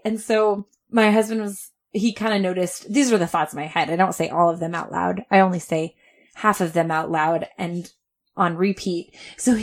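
Animated woman telling a story. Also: fairly low pitch, normal speed. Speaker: podcast co-host. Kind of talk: casual chat.

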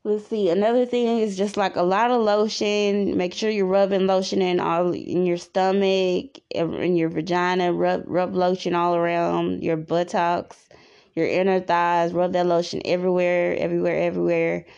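A woman's voice: fairly low pitch, flat delivery, moderate pace, creaky, a little mellow, lo-fi sound. A woman hosting a podcast, giving rambling, repetitive advice in a casual monologue. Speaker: podcast host.

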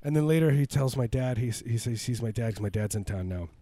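Thirties male, mellow low tone, dry room; casual comic storyteller who voices the quotes. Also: expressive, fast talker, dry recording. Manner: jokey storyteller, acts out quotes in a raised voice. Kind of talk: casual comedic chat.

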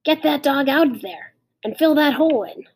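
A woman's voice: high-pitched, moderate pace, a little mellow, pitched above the performer's own voice. A woman voicing a worried farm mother who calls out scoldings in a storybook reading. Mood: alarmed.

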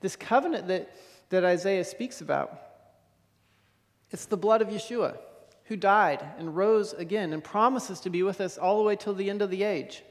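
A man's voice: high-pitched, moderate pace, long reverb tail. A man preaching a sermon as pastor of his congregation, earnest, often repeating words and checking in with "okay?".

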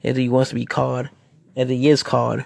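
A man talking through a casual podcast monologue in a gravelly, mid-pitched voice. He rambles and keeps restarting his sentences while sharing his opinions. The sound is dry and close, with no room to it. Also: flat delivery, brisk, a little mellow, no room sound. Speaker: podcast host and wrestler.

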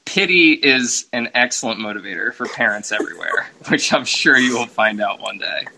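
A young man co-hosting a podcast, telling stories in a casual, animated way and laughing often. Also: medium pitch, moderate pace, gravelly, noisy background. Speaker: podcast co-host. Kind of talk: casual chat.

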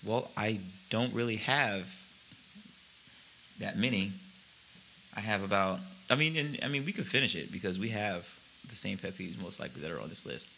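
Man, low pitch, lively and bright, blunt casual banter, faint hiss. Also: moderate pace, gravelly, pauses often, rough recording. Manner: blunt, profane, joking. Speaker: podcast co-host. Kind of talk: casual chat.

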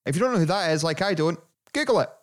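A man hosting a casual football podcast, chatty and quick to laugh. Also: on the high side. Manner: chatty, laughing, animated asides. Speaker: podcast host.

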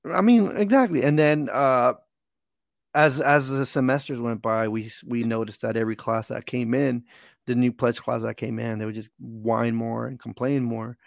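A man in his twenties hosting a casual chat, telling stories in a relaxed way and laughing easily. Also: medium pitch, moderate pace, vocal fry, dry recording, studio quality.

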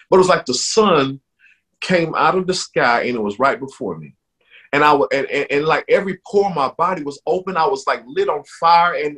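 A man sharing his personal faith testimony in an interview, speaking earnestly with halting restarts that grow more emotional. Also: on the high side, fairly bright tone, slightly rough.

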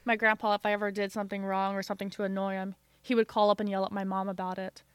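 A woman's voice: medium pitch, flat delivery, fast, clean tone, no room sound. A woman from a small town co-hosting a casual podcast chat, wry, swearing casually and acting out quotes in her stories.

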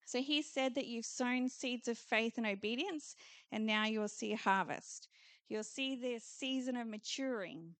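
A woman's voice: a little high, measured pace, fairly bright tone, no room sound. A woman preaching prophetically at a church conference, declaring promises over the listeners in earnest, repeated phrases. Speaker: conference speaker.

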